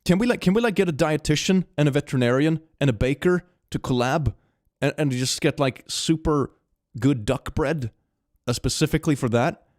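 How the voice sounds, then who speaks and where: A young man streaming from home, reading fan memes aloud and reacting in an animated, giggly way that swings between hushed and excited. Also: fairly high pitch, normal speed, dry recording, clean studio sound. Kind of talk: casual livestream chat.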